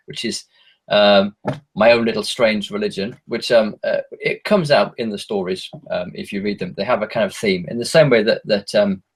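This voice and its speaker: A man's voice: lowish voice, husky. An English man, a horror author, chatting casually as a podcast guest, hesitant with many ums and self-mocking asides. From England.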